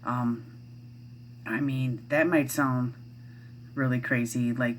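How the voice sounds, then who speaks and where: A woman's voice: rumbling low, fairly even intonation, takes it slowly, slight background noise. A middle-aged woman vlogging at home, chatting casually in a rambling way with lots of fillers and restarts. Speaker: parent vlogger. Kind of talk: casual chat to camera.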